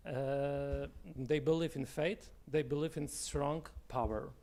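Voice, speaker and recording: A man's voice: mid-range voice, fairly even intonation, takes it slowly, a little mellow. A man from Poland whose first language is Polish, asking a long question in English from the audience and stumbling as he searches for words.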